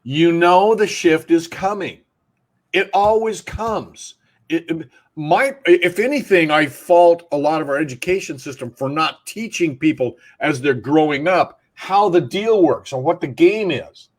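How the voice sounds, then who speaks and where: A man's voice: fairly high pitch, measured pace. A man co-hosting a talk show, making blunt points with everyday analogies. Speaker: co-host. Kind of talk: casual talk show discussion.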